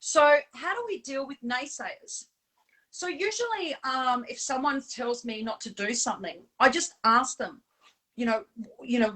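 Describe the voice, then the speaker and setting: A woman with a high, bright voice hosts a casual live stream over a call. She talks animatedly and laughs often. Fillers and restarts run through her speech. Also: animated, measured pace, rough recording. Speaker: stand-in host of a live show. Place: on Bribie Island.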